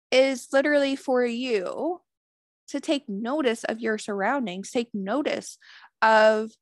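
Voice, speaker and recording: A woman with a fairly high voice gives an earnest motivational self-help talk, dropping swear words and repeating affirmations. The sound is dry and close, with no room echo. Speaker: spiritual wellness host.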